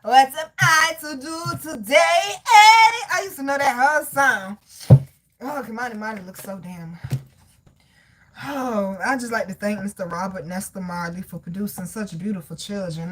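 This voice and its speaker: A woman's voice: mid-range voice, moderate pace, a little hiss or hum. A woman, chatting casually and animatedly as a tarot reader talking straight to her viewers. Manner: animated, loud laughs, swearing, addresses viewers as y'all and baby. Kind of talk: casual livestream chat.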